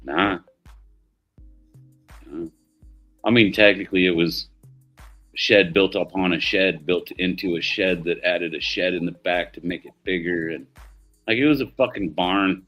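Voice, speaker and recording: A man's voice: low voice, measured pace, long pauses, fairly bright tone, muffled recording, faint music behind. A middle-aged man hosting a livestream, telling rambling stories in casual chat, swearing freely and laughing often. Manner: profane, rambling storyteller who laughs often. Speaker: livestream host.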